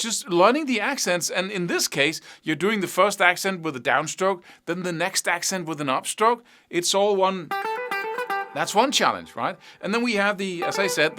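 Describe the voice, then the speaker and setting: A man teaching guitar technique, explaining with vivid analogies and rhetorical questions in an animated way. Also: high voice. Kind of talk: instructional talk to camera.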